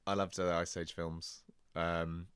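A man co-hosting a casual podcast chat in a relaxed, easygoing way. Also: low voice, slow pace, clear, resonant tone, dry recording. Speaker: podcast co-host.

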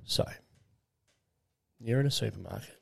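A man's voice: on the low side, moderate pace, creaky, fairly bright tone, slightly rough. Crude, rambling man in his late twenties. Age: late 20s. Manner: crude, rambling, laughs while telling stories. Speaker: podcast co-host. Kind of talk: casual storytelling chat.

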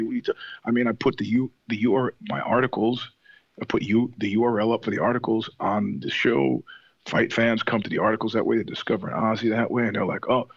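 Casting note: husky, gravelly man, rambling profane storyteller, dry dull recording. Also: fairly low pitch, a little fast, no echo. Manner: rambling, profane, many restarts. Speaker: podcast guest, singer and show host. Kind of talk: casual chat.

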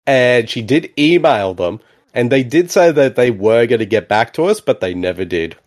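A man co-hosting a podcast, chatting casually as he riffs on a movie, laughing often and talking with excitement. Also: mid-range voice, normal speed. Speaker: podcast co-host. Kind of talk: casual movie riffing chat.

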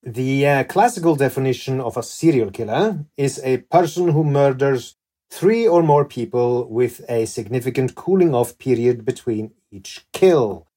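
A man's voice: mid-range voice, lively intonation, a little slow, warm tone. A man hosting a podcast interview, mixing casual questions with passages read from prepared notes. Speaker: podcast host.

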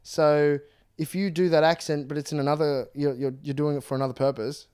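A young man who works as a stand-up comedian, speaking as a guest in a relaxed interview. He talks very fast and with lots of energy, often restarting sentences and piling on fillers. His voice sits a little high for a man. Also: smooth. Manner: fast, animated, many restarts and "like"s. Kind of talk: casual conversational interview.

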